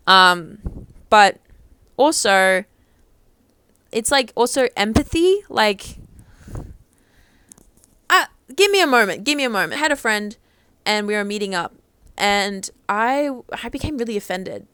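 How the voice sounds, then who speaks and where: Smooth-voiced woman rambling on camera. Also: mid-range voice, animated, measured pace, long pauses, fairly bright tone, no echo. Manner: rambling, filler-heavy, swears freely. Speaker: vlogger. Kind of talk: casual monologue to camera.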